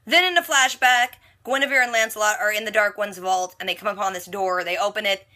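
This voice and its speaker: A woman's voice: medium pitch, a little fast, bright, forceful tone. A woman recapping a TV episode in a casual, snarky vlog, chatting along with lots of "like" and "freaking". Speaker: TV reaction vlogger.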